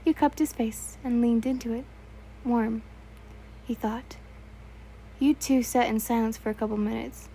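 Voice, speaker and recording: A woman's voice: on the high side, fairly even intonation, measured pace, long pauses, dark tone, a little hiss or hum, poor audio. A young woman reading fan fiction aloud in a casual, stumbling way, correcting herself and adding asides.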